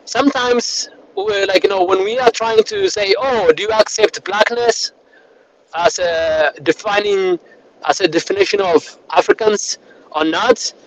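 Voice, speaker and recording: A man's voice: sits high, big pitch swings, measured pace, creaky. A man on a call, rambling with many fillers and restarts while he drives. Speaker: panel participant. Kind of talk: casual discussion on a call. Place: in a moving car. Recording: noisy car call audio.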